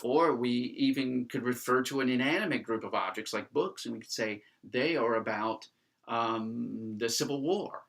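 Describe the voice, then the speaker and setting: A man lecturing on Greek grammar, animated and emphatic, with many fillers. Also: mid-range voice, normal speed, creaky. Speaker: Greek teacher. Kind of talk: classroom lecture.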